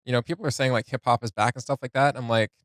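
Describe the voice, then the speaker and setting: A man's voice: medium pitch, steady tone, racing, no echo, studio quality. A man hosting a casual music reaction, talking it through hesitantly with lots of fillers and restarts.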